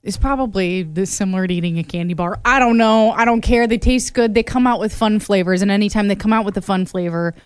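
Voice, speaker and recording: A woman co-hosting an afternoon radio podcast, chatting casually and telling lively stories with frequent laughs. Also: mid-range voice, fast, few pauses, smooth, no echo. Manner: animated storytelling, laughs often. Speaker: radio co-host. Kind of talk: casual chat. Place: radio studio.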